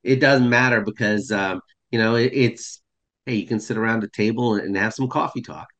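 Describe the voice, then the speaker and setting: A man's voice: on the low side, brisk, a bit bright. A man from Texas, a guest on a podcast, talking in an easygoing way. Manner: easygoing, with fillers and restarts. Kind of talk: casual podcast chat.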